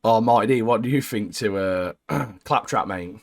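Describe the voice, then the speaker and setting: A young man co-hosting a casual gaming chat, blunt and opinionated, ending phrases with "mate" and dropping low. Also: moderate pace. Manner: blunt, says "mate" constantly, trails off low at line ends. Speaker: co-host.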